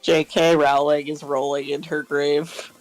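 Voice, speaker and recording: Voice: mid-range voice, little pitch movement, a little slow, no echo, soft background music, rough recording. An easygoing guest in a casual stream chat who drops giggly asides.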